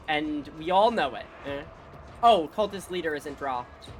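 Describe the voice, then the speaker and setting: A woman streamer giving excitable, casual commentary on a game. She swears freely and reads game dialogue aloud. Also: deep voice, a little slow, slight background noise.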